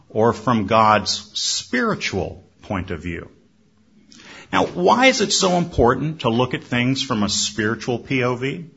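Slow, husky male preacher. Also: mid-range voice, a bit bright. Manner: measured storytelling with dramatic pauses. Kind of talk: sermon. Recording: dull lo-fi recording.

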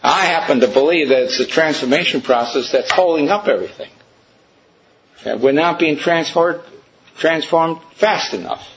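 A man's voice: fairly high pitch, normal speed, highs cut off, crowd noise. A man preaching a storytelling sermon, emphatic and questioning his listeners.

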